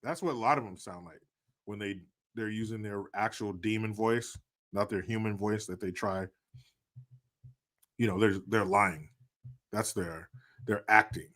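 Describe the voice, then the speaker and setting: A man streaming and commenting casually, sarcastic and profane, often getting loud and animated. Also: lowish voice, unhurried, long pauses.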